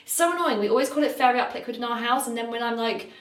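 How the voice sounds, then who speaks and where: A woman's voice: fairly high pitch, racing. A young British woman chatting casually while she cleans an office, often drifting into tangents, recorded on a camera set down in the room. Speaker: cleaning vlogger. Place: office building indoors. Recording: echoey room with faint noise.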